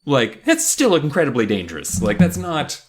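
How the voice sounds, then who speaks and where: A man co-hosting a podcast, chatting casually about a book and reading it aloud, with animated jumps into character voices. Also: a little high, moderate pace.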